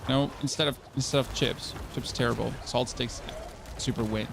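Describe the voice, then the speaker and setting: A man's voice: medium pitch, fairly even intonation, moderate pace, creaky, noisy background. A German man, a native German speaker, chatting casually on his live stream, rambling, repeating words and swearing now and then. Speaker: game streamer.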